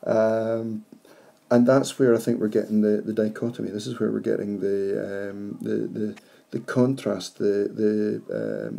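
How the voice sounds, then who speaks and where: A male teacher works through a poem for his class. His voice is low and gravelly, with a dark, mellow tone and a husky edge. He pauses to ask his students reflective questions as he explains. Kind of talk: classroom poetry analysis.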